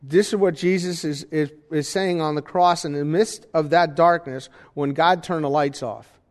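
Male pastor, slightly high voice, conversational sermon, asks the room questions, long hall reverb. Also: fairly even intonation, moderate pace.

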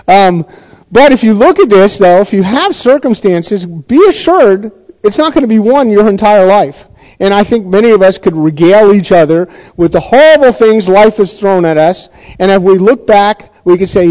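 A middle-aged man preaching a conversational sermon, halting and restarting, with touches of dry sarcasm. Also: high voice, expressive, a little mellow. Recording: dull lo-fi recording.

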